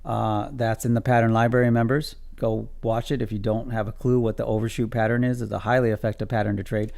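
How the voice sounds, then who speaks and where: A man's voice: lowish voice, little pitch movement, quick pace, vocal fry, darkish tone. A man streaming his day trading live, calling out levels to viewers in a casual, joking, self-amused way.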